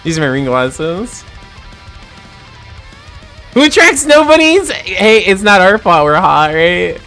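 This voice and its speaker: A woman's voice: on the low side, very animated, takes it slowly, fairly bright tone, soft background music. A woman from New Jersey with a New Jersey accent, a little tipsy, chatting casually on a livestream, laughing often and swearing freely.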